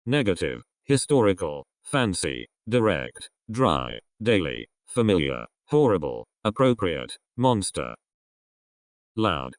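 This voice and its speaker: A deep-voiced man reads single English words slowly and deliberately, his pitch rising and falling widely from word to word. The sound is dry and close, with no room around it. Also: no echo. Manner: slow, isolated words with pauses. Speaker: vocabulary reader. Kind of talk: reading an English word list.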